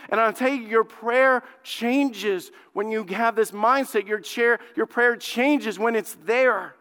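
A male lead pastor preaching a sermon, fervent, dropping to a hushed plea and then rising loud, and often repeating words as he builds a point. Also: very high voice, a little slow, few pauses, clean tone. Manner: fervent, swings from hushed pleading to loud outbursts. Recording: long hall reverb.

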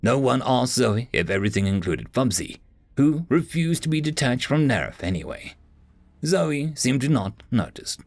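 Gravelly man reading a story aloud. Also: medium pitch, sing-song, moderate pace, dry recording. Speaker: narrator. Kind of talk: audiobook narration.

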